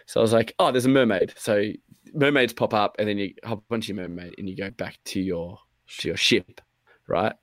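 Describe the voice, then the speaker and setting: Aussie bloke rambling through a story, lots of "like", swears a bit, lowish voice. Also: male voice, fairly even intonation, fairly quick, no room sound. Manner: rambling, filler-heavy, acts out his own quotes, swears freely. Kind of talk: casual storytelling chat.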